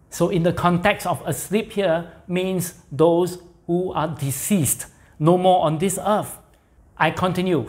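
A man preaching a sermon as pastor, reading scripture and repeating key words with emphasis. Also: high voice. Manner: slow, deliberate preaching with emphatic repetition.

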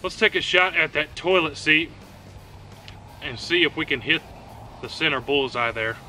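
Bright-voiced man narrating at a shooting range. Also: on the high side, normal speed, faint music behind. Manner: relaxed running commentary between shots. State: out of breath at times. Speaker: host of a shooting channel. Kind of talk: casual outdoor shooting vlog.

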